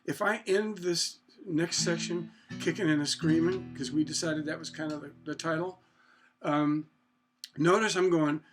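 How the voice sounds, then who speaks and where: A man's voice: a little high, gravelly. A man giving a casual songwriting lesson, thinking aloud and humming bits of melody as he works out chords. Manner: thinks aloud, hums and sings snippets. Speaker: songwriting teacher. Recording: guitar playing behind the voice.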